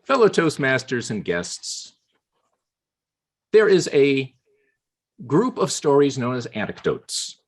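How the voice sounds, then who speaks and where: A man giving a humorous prepared speech at a club meeting over a video call, telling anecdotes with playful pauses. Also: medium pitch, wildly swooping pitch. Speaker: Toastmasters club speaker.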